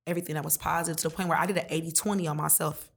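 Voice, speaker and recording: A woman's voice: low-pitched, fairly even intonation, rapid-fire, gravelly. A woman talking candidly and emotionally in a heart-to-heart conversation, full of casual slang.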